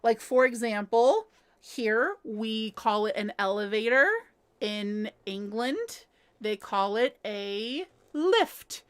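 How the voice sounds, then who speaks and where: Host: woman from the US, high voice, chatty, laughs a lot while reading live chat at home. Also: slow pace, smooth. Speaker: livestream host.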